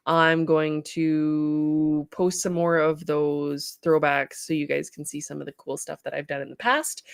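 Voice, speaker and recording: A bubbly woman with a Canadian accent hosts a relaxed livestream, laughing easily and chatting with her viewers. Her voice sits a little low. The sound is close and dry, with no room echo. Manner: bubbly, reads chat comments aloud and laughs often. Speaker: livestream host, studio owner. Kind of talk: casual livestream chat.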